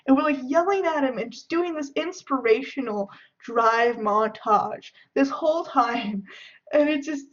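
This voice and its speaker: A woman's voice: high-pitched, animated, normal speed. A young woman from the Bay Area of California, chatting and giggling as she answers questions in a casual video. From San Francisco Bay Area, California. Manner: chatty and giggly, acts out friends' shouting. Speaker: vlogger. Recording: dull lo-fi sound.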